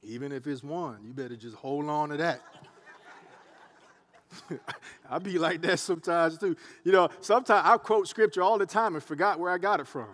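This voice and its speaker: A man preaching a sermon in a church, animated and conversational, with asides and dialect. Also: a little high, normal speed, pauses often. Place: church sanctuary.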